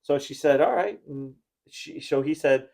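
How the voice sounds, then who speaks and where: A man's voice: a little high, a little slow, creaky, darkish tone. A man on a podcast telling a long, rambling story from his school days, acting out the people in it and laughing at his own jokes. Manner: rambling anecdotes, acts out quoted voices, bursts of laughter. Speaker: podcast host. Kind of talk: casual storytelling chat.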